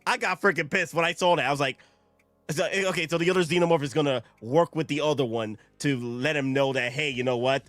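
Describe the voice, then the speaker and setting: A man hosting a casual livestream chat, excitable and quick to break into indignant rants. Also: a little high, no room sound, soft background music. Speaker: host.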